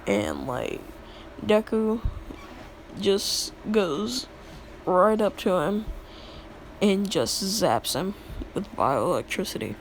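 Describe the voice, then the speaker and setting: A woman's voice: mid-range voice, animated, slow, long pauses, slight background noise. A young woman casually retelling a made-up story in a rambling, filler-heavy way, laughing at her own jokes.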